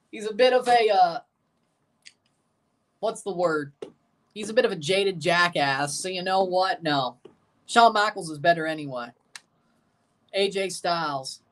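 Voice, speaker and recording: A man's voice: high-pitched, slow, pauses often, fairly bright tone. A young man giving rambling, jokey live commentary while watching a match and chatting to his viewers. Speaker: watchalong streamer.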